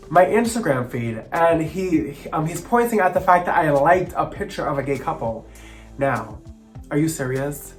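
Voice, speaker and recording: Young male vlogger, about 20, slightly high voice, expressive and sassy storyteller. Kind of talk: personal storytelling.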